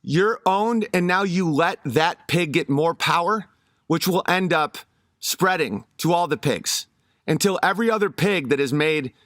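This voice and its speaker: A man's voice: a little high, animated, unhurried, fairly bright tone, no echo, studio quality. A man giving a rambling, casual monologue, often restarting his sentences. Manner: rambling, with many fillers and restarts.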